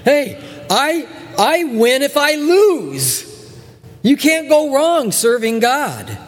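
A male pastor preaching a sermon with animated delivery, acting out voices and repeating words for emphasis. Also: very high voice, takes it slowly, long reverb tail.

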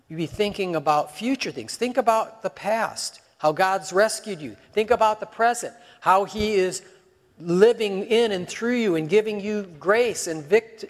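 A man with a high voice preaches a sermon, talking to the listeners as if in casual conversation and throwing out rhetorical questions. His voice rings with the long reverb of a large hall.

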